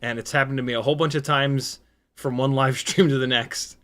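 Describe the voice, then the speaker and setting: A tired man in his forties or older hosts a casual livestream, talking at an ordinary mid pitch. He rambles candidly with plenty of fillers, reads viewer comments aloud and drops self-mocking asides. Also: steady tone, brisk, fairly bright tone. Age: 40s or older. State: tired, sleep deprived. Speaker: FPV drone livestream host.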